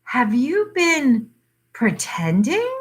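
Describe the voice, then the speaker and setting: A woman's voice: mid-range voice, animated, slow pace, sharp tone. A woman voicing a timid stammering young woman. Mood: trembling. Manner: hesitant, stammering.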